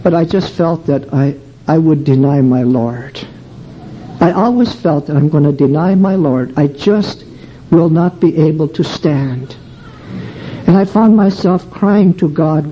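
Slow, earnest older man preaching. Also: on the high side. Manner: slow, earnest, emotional storytelling. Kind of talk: sermon testimony. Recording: dull lo-fi recording with faint background noise.

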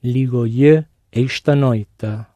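A man's voice: mid-range voice, drawn-out words, warm tone, dry recording, highs cut off. A man taking part as a student in a language lesson, answering drills carefully and asking questions.

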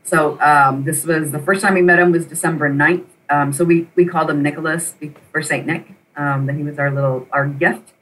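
A middle-aged woman, an interview guest, telling a personal story in an animated, emotional way and repeating phrases for emphasis. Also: low voice, moderate pace. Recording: voice a bit distant from the mic.

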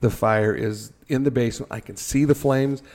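A middle-aged man telling a story on a podcast, animated and joking as he goes. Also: mid-range voice, moderate pace. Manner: animated storyteller, jokey asides. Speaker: podcast guest. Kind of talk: casual storytelling.

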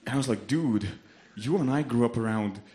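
A man's voice: mid-range voice, fairly quick. Lithuanian-accented man doing stand-up. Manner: deadpan delivery, laughing at his own punchlines. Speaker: stand-up comedian. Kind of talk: stand-up comedy set. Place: comedy club stage.

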